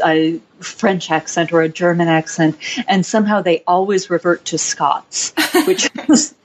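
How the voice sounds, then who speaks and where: A woman author answering interview questions in a reflective, measured way, often with soft laughs. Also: fairly low pitch, slight background noise, poor audio.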